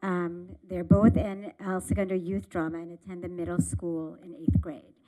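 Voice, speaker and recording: A middle-aged woman, a parent, giving a measured, earnest public comment at a city meeting from a podium microphone in a council chamber. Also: on the low side, little pitch movement, warm tone, low-quality recording.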